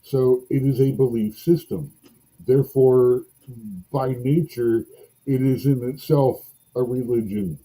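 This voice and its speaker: Slow, husky, dark-voiced man. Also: medium pitch, fairly even intonation, poor audio. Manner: musing, rambling, self-deprecating. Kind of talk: casual podcast conversation and storytelling.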